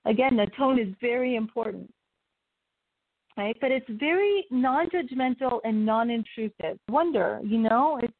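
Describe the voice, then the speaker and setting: A woman with a fairly high voice gives coaching advice in an interview, laughing often as she acts out the questions to ask. Her voice comes through a tinny, phone-like line. The sound is dry. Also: animated, unhurried, no echo. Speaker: guest coach. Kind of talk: interview conversation.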